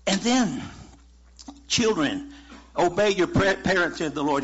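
A man's voice: a little high, a bit bright, husky. A man preaching a sermon in a folksy, conversational way, chuckling now and then. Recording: muffled lo-fi sermon recording.

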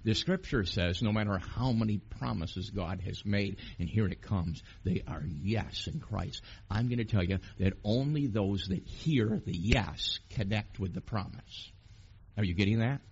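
A man preaching a sermon, emphatic, rising to loud peaks and asking the congregation questions. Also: lowish voice, measured pace, vocal fry, husky, muffled recording.

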